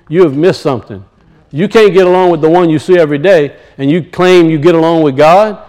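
A man's voice: fairly high pitch, a little mellow, poor audio. A man preaching a sermon to a congregation, emphatic and repetitive, calling out to his listeners for a response.

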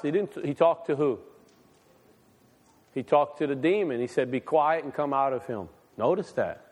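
A man delivers a sermon in a church hall, stopping often to put rhetorical questions to his listeners. He reads scripture aloud between those questions. His voice sits high, and it carries a long reverb through the room. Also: darkish tone. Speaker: preacher.

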